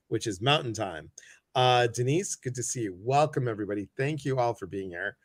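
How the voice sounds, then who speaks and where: Guy hosting a live video chat, gushy and friendly with viewers, normal pitch. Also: lively intonation, moderate pace, a bit bright, no room sound. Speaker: host. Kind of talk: casual livestream chat.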